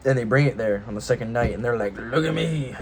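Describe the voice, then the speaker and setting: A man's voice: fairly low pitch, fairly even intonation, fast talker, darkish tone, slight background noise, low-quality recording. A man casually retelling a game series' story in a rambling, offhand, irreverent way, full of loose jokey paraphrase. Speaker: video host.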